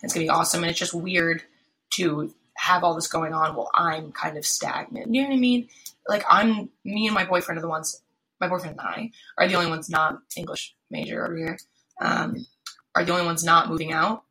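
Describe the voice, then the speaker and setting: A woman's voice: lowish voice, steady tone, fairly quick, bright, forceful tone, rough recording. A young woman in her twenties hosting a casual solo podcast, talking in a rambling, tired way, full of fillers and restarts, from her apartment. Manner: tired, yawning. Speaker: podcast host. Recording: faint background noise, pen clicks.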